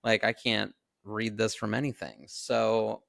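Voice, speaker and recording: A man's voice: on the low side, steady tone, unhurried, creaky, a bit bright. A man co-hosting a podcast, chiming in on a film discussion in a laid-back, casual way. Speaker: podcast co-host.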